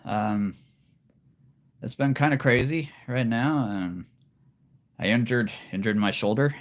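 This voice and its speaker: A man's voice: mid-range voice, takes it slowly, long pauses. A middle-aged man hosting a live stream, chatting casually and answering viewers directly. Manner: friendly, chatty, talking straight to viewers.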